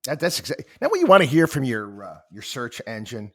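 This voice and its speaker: A male host giving casual, halting commentary with many fillers and restarts. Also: mid-range voice, wildly swooping pitch.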